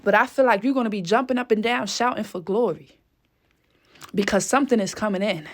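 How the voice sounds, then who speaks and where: A fervent woman gives a spiritual reading. She sounds out of breath, preachy and casual at once, swearing freely. Her voice sits at a middle pitch for a woman. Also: a little fast. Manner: fervent, exclaims whew often, swears casually. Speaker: spiritual reader.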